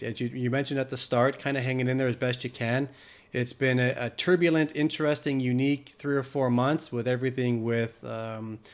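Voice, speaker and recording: A Canadian man hosts a podcast interview in a casual, upbeat manner. He jokes easily with his guest. His voice sits in an ordinary middle pitch. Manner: upbeat, joking. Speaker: podcast host.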